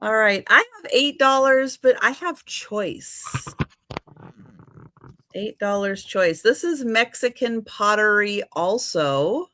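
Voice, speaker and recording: A woman's voice: mid-range voice, expressive, sharp tone, dry recording. A woman hosting a live online vintage sale, urging buyers on and counting down the bids. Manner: encouraging, unhurried auctioneer patter. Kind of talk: casual live sale chat.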